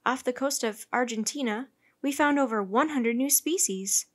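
A woman reading a storybook plays an eager male scientist aboard a ship. He explains discoveries with enthusiasm. The voice sits a little above her usual reading pitch. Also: moderate pace, natural voice. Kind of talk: storybook read-aloud.

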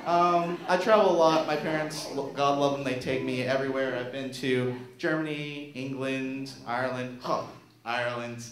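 A man's voice: medium pitch, normal speed, slight background noise. A young man doing a self-mocking stand-up comedy set on a small theater stage. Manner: animated, self-mocking, jumps into silly voices. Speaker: stand-up comic. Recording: roomy stage sound.

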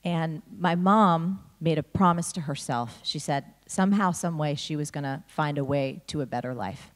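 A woman's voice: sits low, normal speed. A woman from New Jersey giving a motivational talk to a school audience, telling stories and acting out the dialogue. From New Jersey, USA. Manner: animated storyteller, acts out dialogue. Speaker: speaker addressing a school audience. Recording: long reverb of a large hall.

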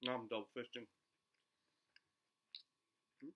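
A man's voice: medium pitch, level tone, slow pace, lo-fi sound, heavy background noise. A man doing a casual eating vlog, talking with his mouth full between bites and swearing casually. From San Francisco Bay Area. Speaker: food vlogger.

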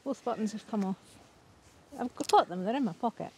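A woman's voice: a little high, expressive, fairly quick, slight background noise. A woman co-hosting a vlog outdoors, plainly explaining what they are doing. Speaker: vlog co-host. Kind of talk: casual outdoor chat. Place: outdoors on an island farm.

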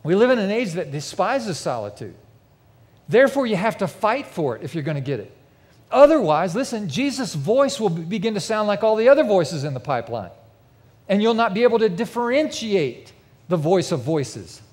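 A man's voice: high voice, very animated, normal speed, a little mellow. A man preaching a sermon in a large church with a mezzanine, telling a vivid, emphatic story to his congregation. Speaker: pastor. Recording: long reverb of a big church hall.

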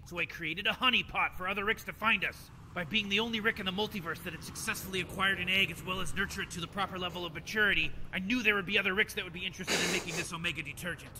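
Fast, bright, smug old scientist in a game, rambling offhand, reverberant. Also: male voice, high-pitched, slight background noise. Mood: smug explaining. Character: old male mad scientist, smug and scheming. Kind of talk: video game character dialogue.

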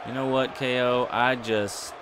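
A man's voice: medium pitch, fairly even intonation, a little slow, a crowd in the background. Man doing playful play-by-play over a game. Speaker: gaming channel host. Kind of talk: let's play commentary.

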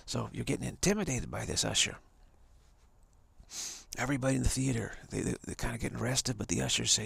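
A man's voice: medium pitch, quick pace, gravelly, pauses often, fairly bright tone, slightly rough, no room sound. A man on a live stream, telling a long hypothetical story in a rambling way with many restarts. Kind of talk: storytelling monologue. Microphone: home setup for a live stream.

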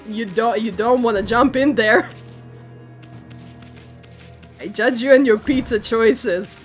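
A woman streaming a video game, chatting casually and teasing her chat with frequent giggles. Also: a little high.

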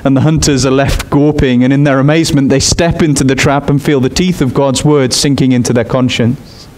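A man preaching a sermon in an expressive way. He climbs high in pitch on his emphatic points. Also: fairly quick.

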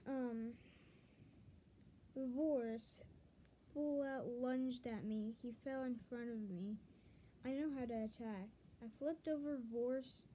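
A woman's voice: a little high, takes it slowly, long pauses, dark tone, a little hiss or hum, low-quality recording. A woman reading her own story aloud in an earnest, dramatic storytelling manner.

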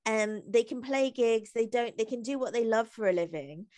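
Chatty woman with a high voice. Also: moderate pace. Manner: chatty and animated, laughs often, many "like" fillers. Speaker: guest, comedy writer and singer. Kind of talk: casual interview conversation.

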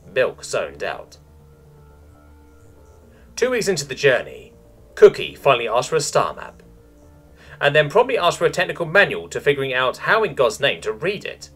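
A man narrating a science fiction story in a scripted, expressive reading. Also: medium pitch, moderate pace, long pauses, slightly rough, faint music behind.

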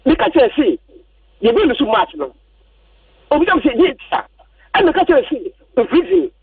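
A man's voice: extremely high pitch, huge pitch swings, normal speed, no room sound. A man calling a radio sports show, ranting agitatedly about the national coach. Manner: agitated, repetitive complaining. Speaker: caller. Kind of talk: heated phone-in rant. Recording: tinny phone line, distant.

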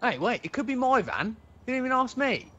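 A brash bloke who swears through every line and picks fights, played by a man. His voice sits high and leaps around with lively swings. There is a husky edge to it. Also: brisk, highs cut off, full character voice. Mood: defensive. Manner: swears a lot, combative. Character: brash foul-mouthed man.

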